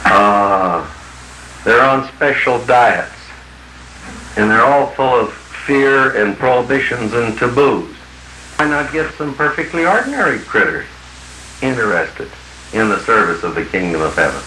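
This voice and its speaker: A man's voice: mid-range voice, animated, a little slow, sharp tone, roomy sound, faint music behind, poor audio. A man working as a business consultant tells blunt, folksy stories to a group in an archival 1950s recording. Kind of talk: anecdotal talk to a group.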